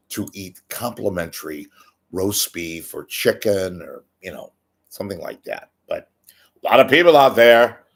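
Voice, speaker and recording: A man's voice: on the low side, vocal fry. A man hosting a live stream, rambling through jokes in a casual monologue, swearing often and greeting viewers by name. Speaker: livestream host.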